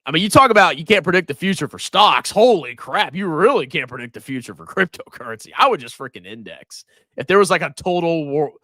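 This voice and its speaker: Animated ranting man on a livestream. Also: fairly high pitch, no room sound, clean studio sound. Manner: animated, ranting, mocking, swings between loud outbursts and muttering. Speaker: finance livestream host. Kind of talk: livestream rant and stock commentary.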